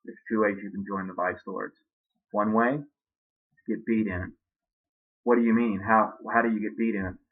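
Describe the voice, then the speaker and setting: A man voicing blunt male gang members in a comedy story, with a quiet, flat, matter-of-fact delivery. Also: lowish voice, moderate pace, long pauses, voice pushed down. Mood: deadpan. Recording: dull lo-fi recording.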